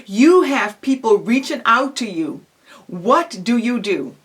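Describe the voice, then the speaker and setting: Woman, higher-pitched, psychology lecturer type; direct, encouraging advice to camera, conversational with fillers. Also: big pitch swings, slow. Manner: direct and encouraging, addresses listener as "you"; rhetorical questions, frequent "um" and "you know". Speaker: psychology professor giving advice. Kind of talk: self-help video lecture.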